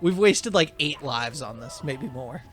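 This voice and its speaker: A young podcast co-host with an unhurried, mid-range voice chats casually while playing a video game. He tells stories animatedly and swears casually, with faint music behind him.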